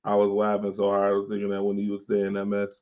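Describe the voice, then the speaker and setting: A man hosts a late-night sports talk show, bantering loosely and reading out viewer comments. His voice sits a little low and comes through dull, lo-fi stream audio. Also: monotone, fast. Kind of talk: casual chat with viewers.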